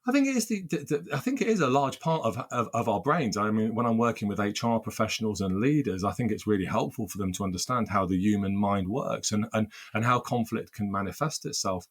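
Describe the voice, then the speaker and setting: Earnest low-voiced male mediator. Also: animated, a little fast, hardly any pauses. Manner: earnest, repeats words when restarting, builds lists of phrases. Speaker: workplace mediator, guest. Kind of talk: interview answers.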